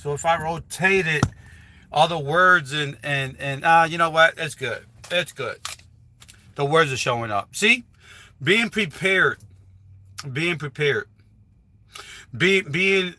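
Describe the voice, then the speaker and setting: Man, high and bright-toned, rambling casual livestream advice, dry close phone sound. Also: dry recording. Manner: rambling, repetitive, with frequent restarts. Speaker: livestreaming YouTuber. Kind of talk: casual live stream advice talk. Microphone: phone held while livestreaming.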